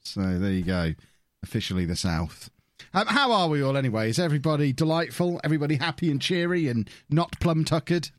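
Teasing man hosting, lively voice. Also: fairly high pitch, brisk, no room sound, studio quality. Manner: teasing, playful banter. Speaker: podcast host. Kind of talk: casual gaming podcast chat.

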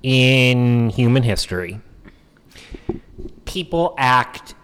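A man's voice: mid-range voice, expressive, very slow, a bit bright, a little hiss or hum. Guy hosting a podcast, sarcastic and rambly, voice hangs in a reverby room. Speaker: podcast host. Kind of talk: sarcastic political commentary.

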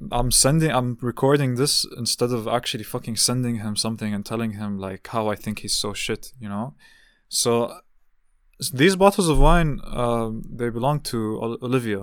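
Young man, casual vlog rant, frustrated and profane, rambling; smooth voice, dry close recording. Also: medium pitch, normal speed, no echo. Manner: frustrated, swearing, rambling with restarts. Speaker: vlogger recounting a family call. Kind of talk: casual ranting monologue.

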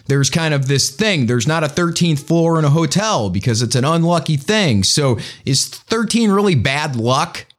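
A man's voice: a little high, lively intonation, moderate pace, hardly any pauses. Blunt, sarcastic male commentary host. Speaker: show host. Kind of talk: casual opinion commentary.

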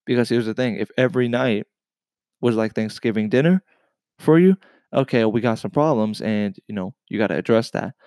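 Talking directly to his viewers, this man gives an earnest, encouraging motivational talk to camera about weight loss, going over his points repeatedly as a weight loss vlogger. His voice is lowish and a little mellow, fairly quick, with no room sound.

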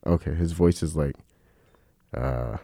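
A man's voice: extremely low pitch, unhurried, creaky, dark tone, no echo, clean studio sound. A young man co-hosting a podcast in casual chat, laughing often and calling his friend bro. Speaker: podcast co-host.

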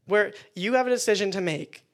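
A man preaching a casual youth sermon indoors to listeners, energetic and conversational with jokes. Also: high-pitched, brisk. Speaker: youth pastor. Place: indoor meeting room with listeners.

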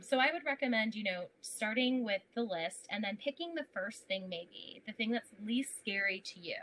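A woman's voice: a little high, slight background noise, poor audio. A young woman guest on a podcast, chatting casually and acting out her inner voices with frequent laughs. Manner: animated, acts out inner voices, laughs often. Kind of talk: casual interview chat.

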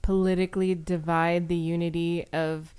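A woman from Texas co-hosting a podcast in casual chat, an animated storyteller who swears freely and acts out what people said. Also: on the low side, moderate pace, clean tone. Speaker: podcast co-host.

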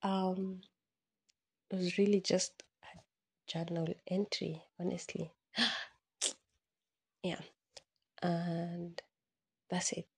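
A woman's voice: on the low side, little pitch movement, extremely slow, long pauses, breathy edge. A woman hosting a solo podcast, talking candidly and rambling like a journal entry, poking fun at herself. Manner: candid, rambling, self-mocking with laughs. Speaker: podcast host.

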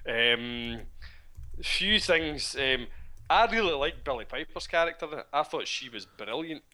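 Casting note: man, bright tense voice, opinionated podcast co-host. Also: mid-range voice, measured pace. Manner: animated, opinionated, swears casually. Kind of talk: casual chat about a TV show.

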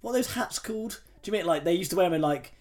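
A man's voice: sits high, expressive, rapid-fire, over a noisy crowd. A man co-hosting a film review podcast, chatting casually, swearing freely, laughing and slipping into mocking impressions. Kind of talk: casual chat.

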